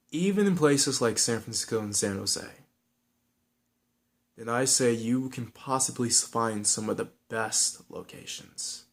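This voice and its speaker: A man with a Southern California accent giving frank, rambling advice in a casual vlog, with many restarts and fillers. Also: mid-range voice.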